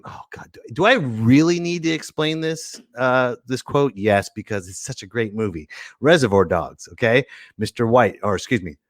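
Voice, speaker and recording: An excitable man hosting a casual live-stream podcast, playful and full of jokey asides. His voice swings up and down a lot, and the sound is dry and close. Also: mid-range voice, no room sound. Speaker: podcast host.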